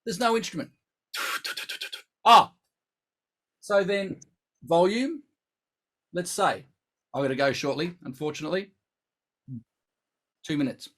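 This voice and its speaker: A man's voice: high-pitched, measured pace, pauses often, a bit bright. A man teaching brass in a live online lesson, chatty and instructive, thinking aloud as he explains.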